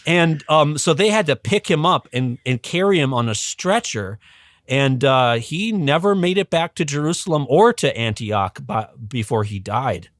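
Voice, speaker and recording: A man, a podcast guest and religious educator, telling a history in a casual, animated way, with frequent ums and restarts. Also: fairly high pitch, moderate pace, no room sound, clean studio sound. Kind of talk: casual storytelling explanation.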